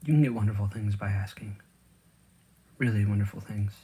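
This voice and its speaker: A man vlogs casually while eating, rambling with plenty of fillers and restarts and talking through mouthfuls of food. His voice is on the low side, brisk, warm, and husky.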